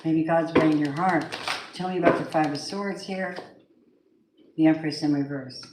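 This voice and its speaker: A woman's voice: low-pitched, normal speed, reverberant, heavy background noise. A woman doing a live tarot reading, gushing over her viewers and swearing now and then. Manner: effusive, gushing address to viewers, occasional swearing. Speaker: tarot reader.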